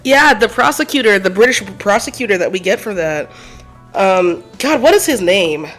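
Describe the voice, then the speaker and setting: A woman streaming a game, chatting casually in animated, profane banter and laughing often. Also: mid-range voice, moderate pace, soft background music. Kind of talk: casual let's-play chat.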